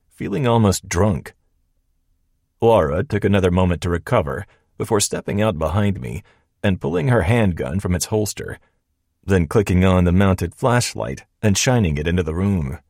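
A man narrating a first-person audiobook in a steady, measured way. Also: deep voice, husky, dry recording, studio quality.

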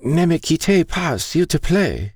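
A man's voice: fairly high pitch, big pitch swings, a little slow, darkish tone, husky, dry recording, studio quality, voice pushed up, heavily acted. A man voicing a frail, confused elderly woman who slips into French, with a quavering voice. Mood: pleading.

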